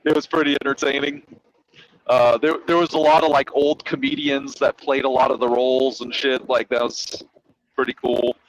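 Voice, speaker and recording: Animated, profane man retelling a cartoon. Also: medium pitch, moderate pace, low-quality recording. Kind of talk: casual storytelling chat.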